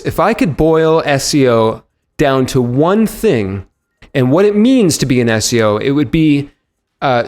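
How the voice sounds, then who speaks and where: A man hosting a podcast, giving an energetic, upbeat intro to his episode. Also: mid-range voice. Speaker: podcast host.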